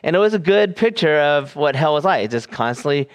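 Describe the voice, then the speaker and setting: Smooth-voiced man preaching earnestly. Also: on the high side, expressive. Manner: earnest, deliberate, with frequent fillers and restarts. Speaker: pastor. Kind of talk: sermon.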